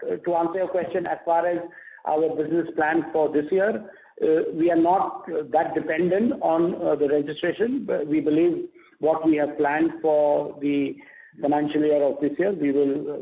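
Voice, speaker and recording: A male company executive with an Indian English accent answering analysts on an earnings call, halting and full of fillers and restarts. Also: fairly high pitch, vocal fry. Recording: tinny phone line.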